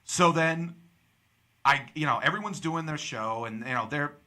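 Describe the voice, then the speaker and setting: A young man from Pittsburgh, USA, hosts a podcast and tells a story in casual chat, acting out the people he quotes. His fairly high voice is bright and forceful, at a normal speed.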